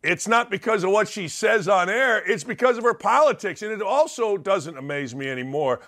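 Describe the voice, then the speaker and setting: Emphatic high-voiced male talk host. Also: animated, moderate pace, fairly bright tone. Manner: emphatic, punchy delivery with rhetorical questions. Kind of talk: opinionated sports talk monologue.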